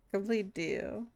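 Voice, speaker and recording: A woman streaming a game live, chatting crudely with her viewers and giggling while she plays. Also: mid-range voice. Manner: crude, giggly, talks to chat while playing.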